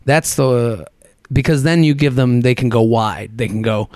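A man's voice: mid-range voice, normal speed, darkish tone, no echo, clean studio sound. A man in his thirties hosting a solo podcast, talking in a chatty, rambling, self-deprecating way. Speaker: podcast host.

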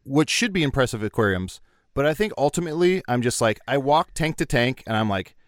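A man's voice: mid-range voice, fairly quick, no room sound, studio quality. A man hosting a casual comedy podcast, reading a listener's email aloud and joking about it. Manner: animated, reads listener email aloud with jokey asides. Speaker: podcast host.

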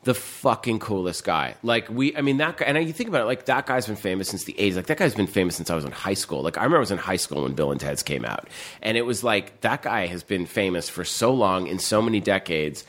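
A man in his forties, a film director, telling animated behind-the-scenes stories in casual chat, full of "like" and swearing. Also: lowish voice, quick pace. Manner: animated storytelling, heavy filler and swearing.

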